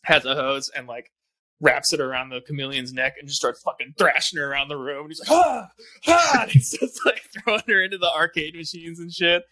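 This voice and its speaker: A man's voice: fairly high pitch, fairly quick, pushed and bright, dry recording. A young man in casual chat, animatedly retelling movie scenes with lots of swearing and laughter. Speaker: podcast co-host, film reviewer.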